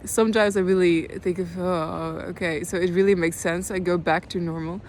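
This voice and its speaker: A young woman in her twenties with a Dutch accent, speaking in a halting personal video diary, calm and low-key, often close to tears, with many pauses and restarts. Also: slight background noise. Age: 20s. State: near tears.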